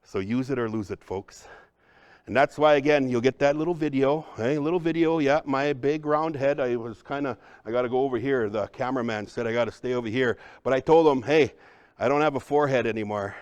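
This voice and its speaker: An energetic man leads a workshop, teasing and coaching his listeners as he goes. He speaks at a middle pitch. The sound is dry and close, with no room echo. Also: fairly quick, clean tone. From Upper Midwest, United States. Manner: energetic, joking, addresses the crowd as folks. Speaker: cultural trainer. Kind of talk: lively workshop presentation.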